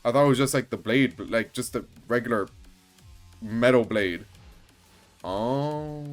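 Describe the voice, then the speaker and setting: A man streaming a game, chatting casually and breaking into excited yelling and laughter. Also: mid-range voice, measured pace, pauses often, faint music behind. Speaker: gaming streamer. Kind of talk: casual let's-play commentary.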